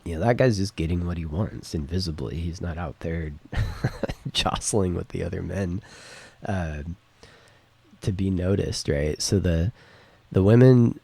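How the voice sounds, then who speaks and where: A man's voice: low voice, unhurried, creaky, warm tone, breathy edge, no room sound. A middle-aged man, host of his own show, musing in a rambling casual monologue full of fillers and tag questions, recorded on a home studio microphone. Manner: rambling, lots of fillers and "right?". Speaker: podcast host. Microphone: studio microphone with interface.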